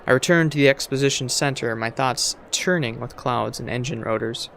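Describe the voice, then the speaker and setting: A man's voice: mid-range voice, normal speed, gravelly, a bit bright, a little hiss or hum. A man reading a story game aloud while playing, stumbling over words and adding asides. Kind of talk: let's play reading aloud.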